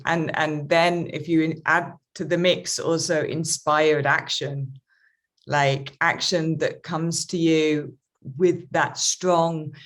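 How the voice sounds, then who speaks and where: A woman life coach speaking reflectively in an interview conversation. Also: low voice. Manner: slow, reflective, talks of spirituality.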